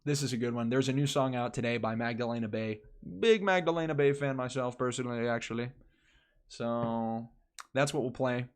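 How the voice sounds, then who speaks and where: A man's voice: mid-range voice, brisk. A young man hosting a casual live stream, rambling and restarting his phrases as he talks to his chat.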